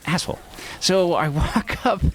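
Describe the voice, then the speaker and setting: A man tells stories on a podcast in a swearing, animated way. His pitch swings widely as he acts out scenes. Faint background noise sits under the voice. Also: unhurried. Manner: profane, animated storyteller. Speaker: comedian guest. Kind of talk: casual podcast storytelling.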